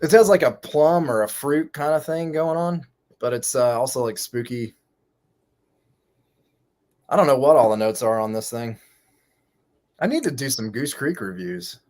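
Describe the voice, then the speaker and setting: A man in an easygoing live chat, with a mid-pitched voice that wanders through half-finished thoughts. He rambles and corrects himself as he goes. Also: lively intonation, moderate pace, long pauses, a little mellow. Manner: rambling, self-correcting, chuckles often. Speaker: guest. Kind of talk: casual chat.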